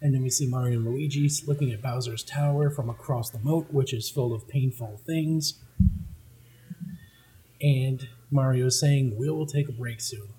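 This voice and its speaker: Husky man casually reading a comic. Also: mid-range voice, fairly even intonation, moderate pace, warm tone, poor audio. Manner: laughing, joking commentary. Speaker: host. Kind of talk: casual comic read-through.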